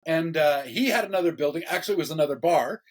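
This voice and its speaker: A man, a pastor, telling a story in a casual interview, animated, often repeating words and laughing as he talks. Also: on the high side, fast talker, rough recording.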